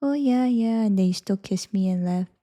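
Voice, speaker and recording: A woman co-hosting a casual couple's podcast, soft-spoken and often trailing off into whispers. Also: medium pitch, moderate pace. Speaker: podcast co-host.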